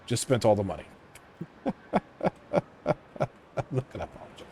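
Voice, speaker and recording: A man with a low voice talks through a strategy game in a relaxed, casual way. He often mutters half to himself, trailing off into quiet asides as he clicks through his choices. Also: moderate pace, pauses often, slight background noise. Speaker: gaming channel host.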